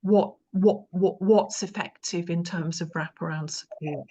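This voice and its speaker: Woman moderating a panel, slow and halting, lowish voice. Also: fairly even intonation, dark tone. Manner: hesitant, halting delivery. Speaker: panel chair.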